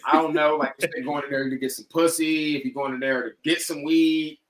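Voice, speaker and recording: A man on a podcast telling a story casually, animated and profane, acting out what people said. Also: on the high side, brisk, rough recording. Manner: animated, profane, acts out quoted lines. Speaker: podcast guest.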